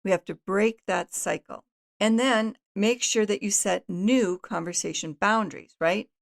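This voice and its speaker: Earnest woman with a gravelly voice. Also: mid-range voice, measured pace. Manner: earnest, instructive, lists numbered steps. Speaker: host and family counselor. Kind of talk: spoken advice talk.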